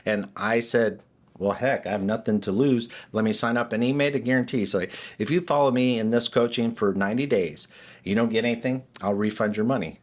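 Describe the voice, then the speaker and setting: A man's voice: medium pitch, fairly even intonation, brisk. A middle-aged man telling his story as a podcast guest, acting out the voices of people he quotes. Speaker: guest, real estate agent. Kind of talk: storytelling interview.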